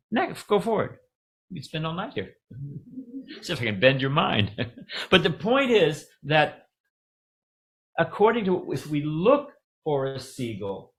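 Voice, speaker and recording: A middle-aged man giving a casual, joking spiritual talk, pausing to ask the audience questions. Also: a little high, creaky, a bit bright.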